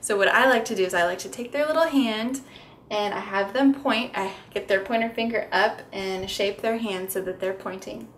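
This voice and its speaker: A young woman speaking as a speech therapist, her pitch sitting in an ordinary middle range. She walks through a picture book step by step and slips into sing-song, exaggerated sounds meant for toddlers. A faint steady hiss sits under the recording. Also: normal speed. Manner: explains plainly, then breaks into sing-song, exaggerated toddler-directed sounds. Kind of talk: instructional demonstration.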